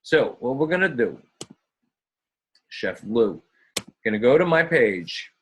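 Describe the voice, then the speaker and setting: A man's voice: mid-range voice, sing-song, takes it slowly, highs cut off, slight background noise. A man leading a live online coaching call in an upbeat, chatty way, often calling his listeners guys. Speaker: fitness business coach.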